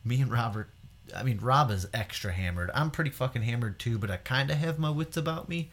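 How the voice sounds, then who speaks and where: A man's voice: medium pitch, fairly quick. A man hosting a podcast, telling a wild story casually, swearing a lot and laughing as he goes. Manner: profane, laughing, animated retelling. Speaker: podcast host.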